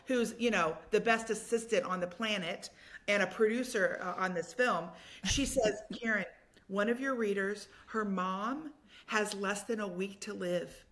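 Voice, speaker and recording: A woman guest on a faith-based podcast, telling stories in an animated, effusive way. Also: mid-range voice. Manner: animated storyteller, effusive and enthusiastic. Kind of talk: casual chat.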